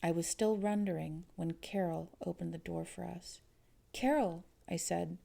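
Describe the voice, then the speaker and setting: A woman narrates a short story in the first person at a calm, measured pace. Her voice is low, strongly gravelly and dark, with a mellow warmth. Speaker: audiobook reader.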